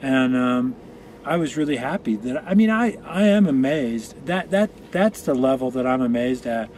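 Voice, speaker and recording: A man's voice: medium pitch, animated, moderate pace, a little mellow, a little hiss or hum. A man from Colorado, a guest on a casual chat show, telling long rambling stories full of profanity and side tracks. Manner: rambling, profane, tangential storytelling. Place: room where marijuana is being smoked.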